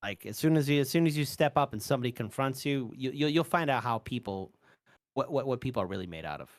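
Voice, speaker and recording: A man's voice: medium pitch, lively intonation, quick pace, no room sound, clean studio sound. A man guesting on a casual chat who speaks emphatically, gives advice and repeats words as he restarts.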